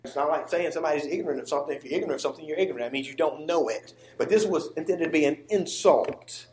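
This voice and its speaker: High-voiced preacher man in an echoing hall. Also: very fast, slight background noise. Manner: emphatic, swings from quiet asides to near-shouting. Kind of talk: sermon. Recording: roomy echo.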